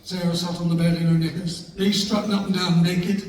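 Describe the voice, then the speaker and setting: A man's voice: sits high, little pitch movement, brisk, crowd noise. A man giving a humorous speech to a live audience, telling jokey anecdotes about his wife and laughing along as he goes. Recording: echoey room from far off, faint noise.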